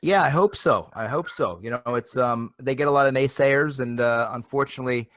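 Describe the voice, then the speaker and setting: An energetic man hosting a casual live internet show, often doubling back over his words. His voice sits in a middle pitch and sounds dry and close to the mic. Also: fairly quick, no room sound. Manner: rambling, repeats phrases, energetic. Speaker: host. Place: home near Philadelphia.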